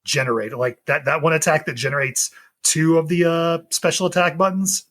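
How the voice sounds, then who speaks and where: A podcast co-host in casual chat, relaxed and a bit hesitant, with many fillers. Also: medium pitch, normal speed.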